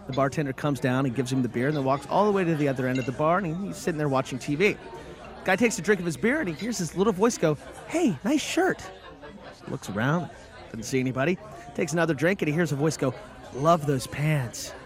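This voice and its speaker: A man's voice: on the high side, expressive, quick pace, faint music behind, a faint crowd. A man telling a bar joke in a breezy storytelling manner. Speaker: joke teller.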